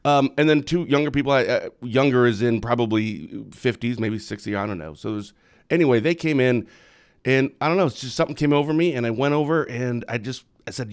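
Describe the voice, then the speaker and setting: A man with an Upper Midwest accent co-hosting a relaxed talk show. He tells stories in an easy, mid-pitched voice and laughs often between lines. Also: fairly quick, clear, resonant tone. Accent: Upper Midwest American. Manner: laughs often, storytelling, playful teasing. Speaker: co-host, news site founder. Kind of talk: casual chat.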